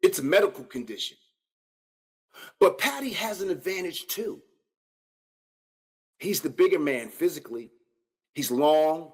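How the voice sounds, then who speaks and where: A man hosts a solo combat-sports podcast with a husky, slightly raised voice. His delivery is lively and animated, full of slang as he addresses his viewers directly. He sounds like a fan breaking down the matchup for his audience. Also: sits high. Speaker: podcast host. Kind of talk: solo fight-analysis podcast.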